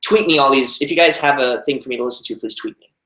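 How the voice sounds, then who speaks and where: A man's voice: medium pitch, fast, a bit bright. A young American man reading viewer comments and answering them in a rambling, casual live-stream chat. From United States. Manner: rambling, many fillers and restarts. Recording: roomy echo.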